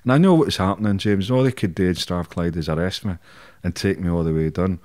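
Low-voiced scottish guy spinning yarns on a podcast, swears a lot, chuckles as he goes. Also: fast, darkish tone. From Scotland. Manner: swearing, laughs through his anecdotes. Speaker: podcast guest. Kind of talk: casual storytelling interview.

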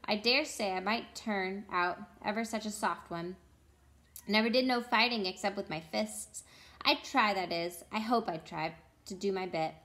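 A woman's voice: mid-range voice, normal speed, fairly bright tone, natural voice. A woman voicing a humble working-class cab driver in a storybook read-aloud, talking in a plain, deferential, folksy way.

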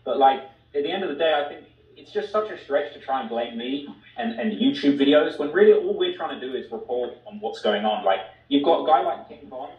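A man at a middle pitch, heard from a distance in a roomy space. He talks in a measured, explanatory way, defending himself. The audio is dull and muffled, like a played-back clip. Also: lively intonation. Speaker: YouTube documentary creator in a debate clip. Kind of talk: debate argument.

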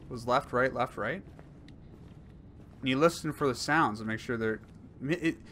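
A man's voice: high-pitched, a bit bright. A young man commenting on his gameplay, thinking aloud and trailing off mid-sentence. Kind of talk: let's play commentary.

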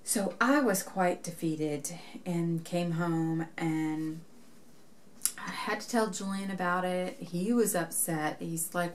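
A woman's voice: fairly low pitch, takes it slowly, slight background noise. A young woman vlogging to camera, telling a story in a chatty way and acting out what people said. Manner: chatty, retells events acting out quoted dialogue. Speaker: knitting vlogger.

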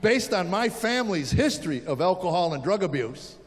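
Older male stand-up comic, high voice, live set in a reverberant hall. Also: sing-song, normal speed. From United States. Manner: storytelling with acted-out quotes. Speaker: stand-up comedian. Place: large hall with audience.

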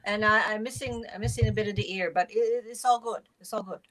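A woman's voice: medium pitch, steady tone, fast, a bit bright, close to an everyday voice. A woman playing a stammering, earnest male painter with a put-on German-ish accent. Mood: earnest, bumbling. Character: bumbling male Dutch painter with a hurt ear.

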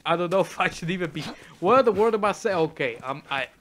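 Brief: high-pitched young man, let's-play host, shouts at enemies, laughs a lot, noisy home mic. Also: quick pace. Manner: excitable, shouting at the game, laughing. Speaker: gaming channel host. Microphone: face cam desk mic.

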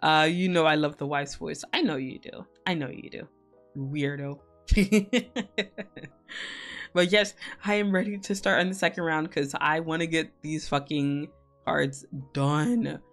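A woman's voice: sits low, steady tone, unhurried, faint music behind. A young woman hosting a co-working stream, chatting casually with viewers in a rambling way, full of fillers, swearing and laughter.

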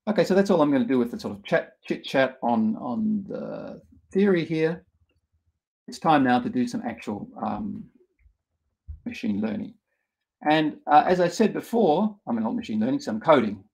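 A middle-aged man leads a live online workshop, explaining ideas patiently and step by step. His voice has a gravelly edge and sits at an ordinary middle pitch for a man. He trips over his words often, backing up and restarting his sentences as he thinks aloud. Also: lively intonation, moderate pace, a little mellow. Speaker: workshop instructor.

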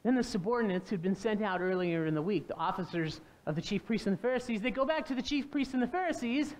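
A woman's voice: medium pitch, fast talker. A woman pastor preaching a sermon, telling the story with animation and putting questions to the congregation. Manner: animated storytelling, acting out quoted voices.

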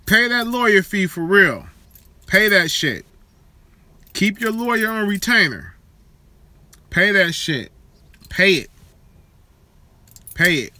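A man's voice: high-pitched, very animated, takes it slowly, pauses often, bright, forceful tone, no echo. A man hosting a live show, chatting casually and profanely with viewers in a streetwise way.

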